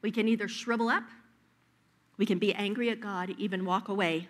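A woman delivering a sermon with plenty of personal stories. Her voice sits at an ordinary middle pitch. She tells the stories in a lively, emphatic manner. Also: brisk. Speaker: preacher.

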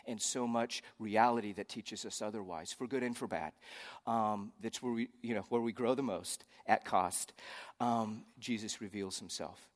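A man's voice: fairly low pitch, long reverb tail. A man pastor preaching a sermon in a conversational way, with joking asides.

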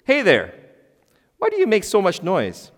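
A man's voice: sits high, wildly swooping pitch, unhurried, in a large hall, pitched above the performer's own voice, full character voice. A man voicing a team of weary, indignant oxen in a story told during a sermon, speaking in a raised, protesting way.

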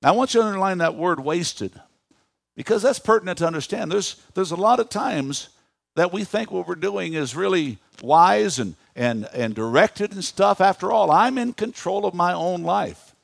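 Male pastor, fifties, lively sermon delivery, high voice, dry sound. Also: moderate pace, creaky, dry recording. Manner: animated preacher who asks the congregation questions. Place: church.

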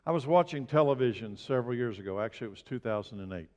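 A male pastor preaching a sermon, asking his congregation direct questions and building to emphatic, loud bursts. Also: medium pitch, animated, very fast. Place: church sanctuary. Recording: long reverb of a large hall.

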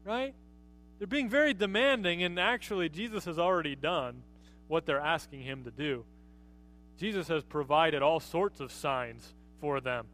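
A man's voice: a little high, normal speed, a bit bright, faint music behind. A man preaching a conversational sermon as pastor, often asking his listeners rhetorical questions.

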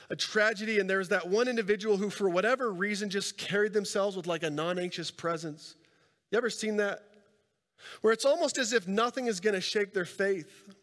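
A man's voice: high-pitched, a bit bright. A young man preaching a sermon as pastor, earnest and conversational, often restarting phrases and asking "right?". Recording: long hall reverb.

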